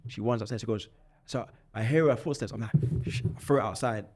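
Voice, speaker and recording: A man in his twenties with a London accent, a podcast guest telling his life story in animated, slang-heavy talk, often restarting and repeating words. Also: fairly low pitch, quick pace. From London, England. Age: 20s.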